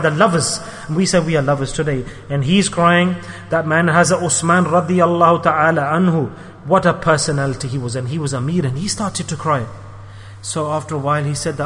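A man's voice: a little high, brisk, fairly bright tone. A man delivering an emphatic sermon, repeating phrases for stress. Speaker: preacher. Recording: long hall reverb.

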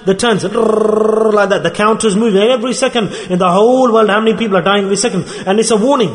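A man preaching an impassioned, repetitive sermon, his voice swinging between soft and loud. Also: high voice, quick pace. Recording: long reverb of a hall.

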